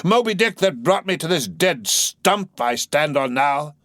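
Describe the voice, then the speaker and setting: A man's voice: fairly high pitch, animated, measured pace, fairly bright tone, no room sound, studio quality, pitched above the performer's own voice. A man voicing an obsessed, vengeful old sea captain in an audiobook, with impassioned, thundering speech. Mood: raging.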